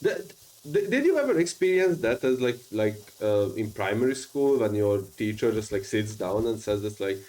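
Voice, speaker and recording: A man's voice: lowish voice, big pitch swings, normal speed, dark tone, rough recording. A man with a strong non-native English accent, chatting casually and rambling with many fillers while streaming a game. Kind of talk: casual gaming stream chat.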